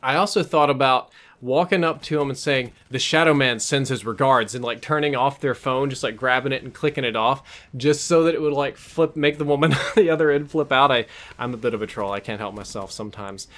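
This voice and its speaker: A man vlogging, telling a story in a casual, amused and animated way. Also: medium pitch, fairly quick. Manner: animated, amused, self-mocking.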